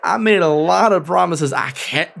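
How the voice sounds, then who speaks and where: A man's voice: high-pitched, lively intonation, moderate pace, creaky, a bit bright, pitched above the performer's own voice, full character voice. A man voicing a pompous, scheming prison warden who rants crudely and in exasperation. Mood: exasperated.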